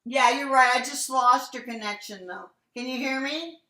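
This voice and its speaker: A woman's voice: high voice, moderate pace, sharp tone. A woman teaching an online singing lesson, coaching and singing short lines to show how. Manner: demonstrates lines by singing them. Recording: echoey room over a video call.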